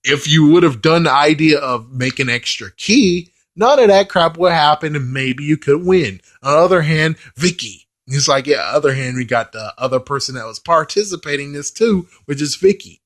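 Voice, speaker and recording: A man's voice: a little high, expressive, normal speed, hardly any pauses, a bit bright. A man giving a casual, profane, exasperated rant in a movie review vlog. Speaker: movie commentary vlogger.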